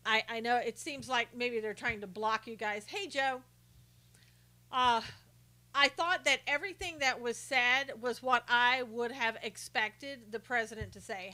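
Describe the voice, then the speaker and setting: Bright-voiced woman hosting a live stream. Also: fairly high pitch, measured pace. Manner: greets viewers by name, reads comments aloud; indignant about rude reporters. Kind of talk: casual chat with viewers.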